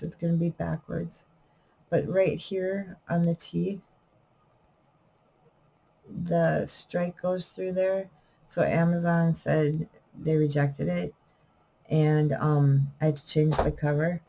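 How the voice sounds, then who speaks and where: A woman's voice: on the low side, fairly even intonation, slow, vocal fry, pauses often, warm tone, slight background noise, poor audio. A middle-aged woman talking casually to camera in an unedited vlog, rambling and correcting herself, a little wheezy. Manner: rambling, trailing off with fillers and self-corrections. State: wheezing, coughing. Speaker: vlogger and self-published poet.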